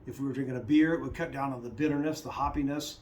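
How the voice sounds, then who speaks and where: A man hosting a whiskey channel, chatting casually and jokingly through a tasting, animated and talking over himself. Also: medium pitch, fast. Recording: echoey room with faint noise.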